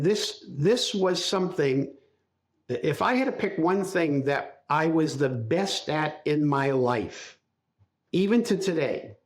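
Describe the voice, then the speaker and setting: Older man telling stories, slightly high voice. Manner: reflective, speaks in halting restarts while recalling. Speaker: podcast guest. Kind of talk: casual interview storytelling.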